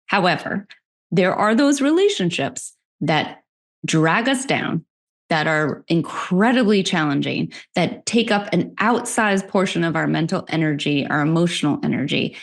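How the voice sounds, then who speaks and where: A middle-aged woman, a workplace expert, talking as a podcast guest, animated and quick to laugh. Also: lowish voice, creaky. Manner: animated, laughs often, speaks in quick bursts. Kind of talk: conversational interview.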